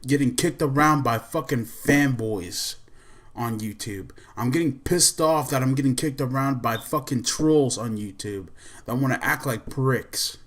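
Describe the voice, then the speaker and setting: A man hosting his own podcast, venting in a heated, swearing rant. He circles back over the same complaints again and again, stumbling and restarting his sentences, in a medium-pitched voice. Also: a bit bright. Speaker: podcast host. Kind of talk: angry rant.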